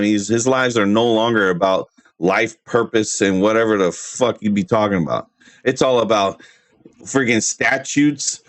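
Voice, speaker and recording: A man's voice: mid-range voice, dry recording. A man ranting on his livestream in a brash, rambling, trash-talking way, full of restarts. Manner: laughs at his own jokes. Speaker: streamer. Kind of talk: casual livestream rant.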